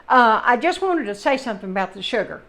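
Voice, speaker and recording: A Southern American woman talks viewers through a recipe in her home kitchen. She chats in a loose, rambling way and keeps adding folksy side remarks. Her voice sits a little on the high side. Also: big pitch swings, quick pace, fairly bright tone. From Southern United States. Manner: chatty, rambling, folksy asides. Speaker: home cooking channel host. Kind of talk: casual cooking demonstration.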